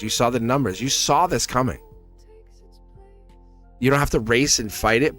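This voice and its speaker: A man's voice: mid-range voice, a bit bright. A man giving a live tarot reading, talking in a rambling, earnest way, laughing often and acting out quoted lines. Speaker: tarot reader. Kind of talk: live tarot reading, casual spiritual talk.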